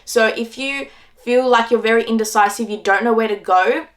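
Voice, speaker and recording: A woman's voice: on the high side, normal speed. A woman in her twenties with an Australian accent, casually retelling her trip to camera in a chatty way, full of "like"s. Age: 20s. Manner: chatty, filler-heavy retelling with many "like"s. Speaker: travel vlogger.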